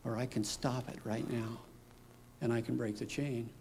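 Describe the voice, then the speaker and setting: A man's voice: medium pitch, fairly even intonation, moderate pace, a little mellow, a little hiss or hum. A middle-aged man giving a personal testimony at church, telling a story and acting out remembered dialogue. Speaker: father giving a church talk. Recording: reverberant church hall.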